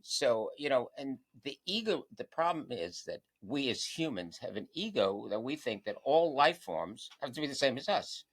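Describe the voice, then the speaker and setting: A man chatting as a guest on a local TV talk show, telling anecdotes with lively energy. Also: mid-range voice, moderate pace, few pauses, slightly rough. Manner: animated anecdotal storyteller. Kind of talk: casual chat, storytelling. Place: local TV studio.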